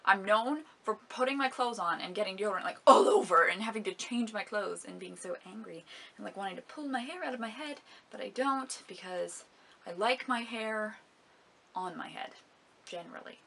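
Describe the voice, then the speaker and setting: A woman's voice: medium pitch, lively intonation, moderate pace, creaky, bright, forceful tone, slightly rough. Chatty, giggly young woman vlogger. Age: young adult. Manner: chatty, giggly, dramatic complaints. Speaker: beauty vlogger. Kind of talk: casual product review vlog.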